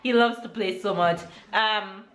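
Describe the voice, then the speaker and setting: A Jamaican-accented woman talks to her viewers in a relaxed home vlog, upbeat and encouraging, with frequent laughs. She takes her time over her words. The room around her rings with a noticeable echo. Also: mid-range voice, a little slow. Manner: upbeat and motivating, laughs often. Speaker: vlogger and mother. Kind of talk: casual home vlog chat. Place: indoors at home. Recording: roomy echo.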